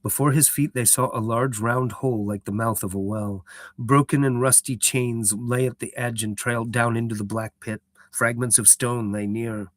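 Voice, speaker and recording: A man with a rough, roughened voice reading a book aloud and chatting casually on a live stream. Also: medium pitch, fairly even intonation, moderate pace, no room sound. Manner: chatty and self-deprecating, with fillers.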